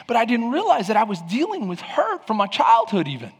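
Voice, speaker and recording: A man preaching a sermon as pastor, animated, swinging from loud emphatic bursts to low quiet passages. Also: brisk, husky. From Latin American heritage. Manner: animated, rises to near shouts then drops low. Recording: hall reverb.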